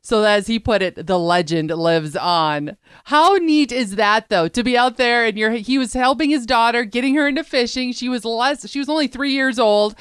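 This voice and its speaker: A woman's voice: a little high, expressive, moderate pace, smooth, dry recording, studio quality. A woman co-hosting a show, chatting casually about news stories. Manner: chatty, storytelling, laughs easily. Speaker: co-host.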